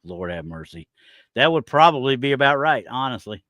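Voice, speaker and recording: A man's voice: medium pitch, very animated, brisk, a bit bright, dry recording. A man co-hosting a casual podcast, ranting with exasperation and reading online comments aloud. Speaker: podcast co-host.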